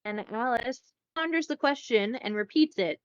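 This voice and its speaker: A woman co-hosting a casual podcast, retelling a film in a chatty, profane, animated way. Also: fairly high pitch, normal speed, clean tone, no echo, dull audio. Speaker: podcast co-host.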